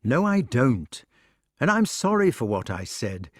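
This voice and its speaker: A man's voice: mid-range voice, big pitch swings, measured pace, breathy edge, no echo, studio quality. A man reading an audiobook, voicing an earnest, brooding knight who pleads with his love. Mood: pleading.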